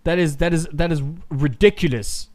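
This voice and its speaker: A man streaming a live race watchalong, reacting with heated, profane ranting that drops into low muttering. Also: normal speed, a little mellow.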